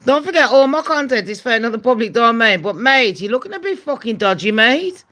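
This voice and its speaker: A woman's voice: on the high side, very animated, fairly quick, fairly bright tone. A woman from England with a Birmingham accent, hosting a casual live-stream chat, blunt, gossipy and foul-mouthed, slipping into mock accents. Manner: slips into mock voices and accents. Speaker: channel host.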